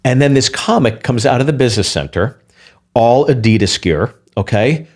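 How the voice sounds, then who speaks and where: A man, a guest comedian, telling a story in lively podcast chat, restarting quickly and acting out quotes. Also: mid-range voice.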